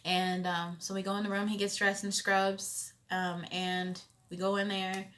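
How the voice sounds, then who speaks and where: A young woman in her twenties telling a personal story in a casual vlog, expressive and conversational, with loud emphatic bursts. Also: medium pitch, a little slow. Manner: animated storytelling with frequent "you know what I'm saying". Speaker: vlogger.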